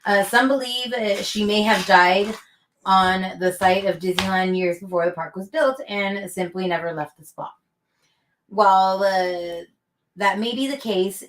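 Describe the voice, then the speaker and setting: A woman co-hosting a casual livestream chat, chiming in with short agreeing replies. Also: mid-range voice. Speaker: co-host. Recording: roomy echo.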